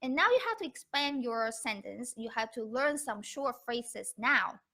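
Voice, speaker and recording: A woman's voice: on the high side, lively intonation, a little slow, sharp tone. A woman teaching beginners on a live stream. She talks patiently and repeats each key point. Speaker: Mandarin teacher. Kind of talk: live-streamed language lesson.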